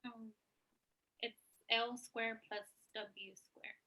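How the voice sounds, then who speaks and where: A female student answers the teacher in short, hesitant replies. Her voice is bright and fairly high, but her delivery stays flat and level. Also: very slow. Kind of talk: answering in class.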